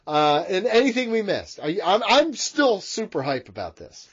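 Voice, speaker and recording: Excitable high-voiced podcast co-host man. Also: moderate pace, husky, highs cut off. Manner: excitable, rambling, swears often. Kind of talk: casual profane wrestling banter.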